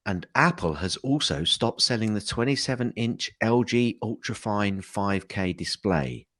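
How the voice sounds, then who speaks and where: A man's voice: lowish voice, unhurried, a bit bright. A man co-hosting a podcast in casual chat, chatty and laughing often, with frequent stumbles and restarts. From United Kingdom. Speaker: co-host.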